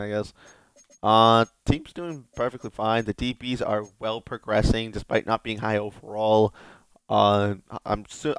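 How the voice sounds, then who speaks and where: A young adult man, working as a video host, gives casual gameplay commentary, talking to himself in a joking, rambling way. His voice is lowish and clean, with no room sound.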